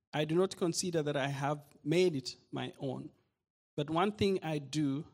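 Man, scripture reading, slightly high voice, very slow pace, careful delivery. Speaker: scripture reader.

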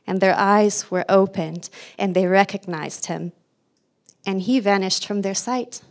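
A woman giving a liturgical scripture reading in a measured, formal manner. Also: mid-range voice. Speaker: scripture reader.

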